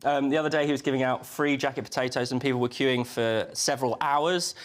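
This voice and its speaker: A man's voice: medium pitch, steady tone, fast talker. A man, a guest on a breakfast TV show, explaining newspaper stories in casual chat with a few hesitations and restarts. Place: TV studio.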